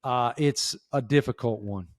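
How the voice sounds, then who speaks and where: A man with an Appalachian Southern accent, a sports reporter chatting as a guest, telling stories in a folksy, animated way. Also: mid-range voice, a little slow, dry recording, clean studio sound. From southwestern Virginia. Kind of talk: casual interview chat.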